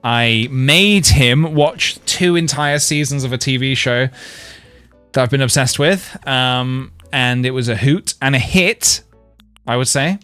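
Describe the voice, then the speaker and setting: A man's voice: mid-range voice, a little slow, fairly bright tone, clean tone, dry recording, faint music behind. A man streaming a video game, chatting playfully and joking with his viewers. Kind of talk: casual gaming livestream chat.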